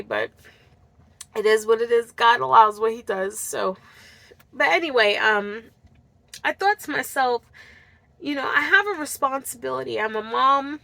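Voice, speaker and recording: A woman's voice: fairly high pitch, slow pace, gravelly, pauses often, pushed and bright, no room sound. A woman vlogger telling a personal story to camera in an earnest, heartfelt way, speaking straight to her viewers. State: tearful at times.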